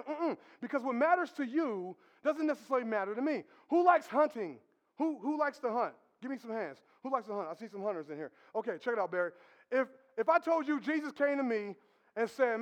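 A man's voice: very high-pitched, expressive, fast talker, big-room sound. A man preaching a casual, conversational sermon, addressing the congregation directly. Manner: conversational preaching with crowd asides, laughing. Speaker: pastor. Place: church.

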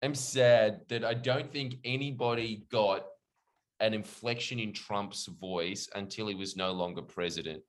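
A man's voice: lowish voice, measured pace. A man hosting a casual podcast chat, joking and riffing with his friends. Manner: joking, does mock impressions. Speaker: podcast host.

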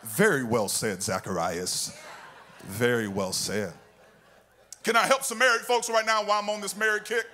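A man preaching a sermon in an animated, sing-song way, now and then breaking into shouts. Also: high-pitched, normal speed. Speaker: pastor.

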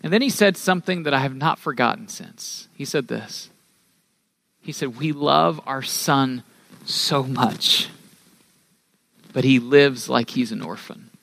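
A middle-aged man preaching a sermon as pastor, earnest, rising in pitch and force on key phrases and dropping to a soft near-whisper. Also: measured pace, vocal fry, long pauses, no echo.

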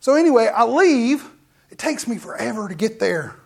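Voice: medium pitch, fast talker. A middle-aged minister tells a story as a sermon testimony. The minister talks straight to the congregation, with asides and frequent restarts. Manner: animated storytelling, often restarts mid-sentence; addresses the audience directly with asides.

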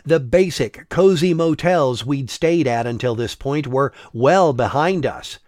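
A man narrating a travel story in a measured, wry scripted style. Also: mid-range voice, a little mellow, no room sound, clean studio sound.

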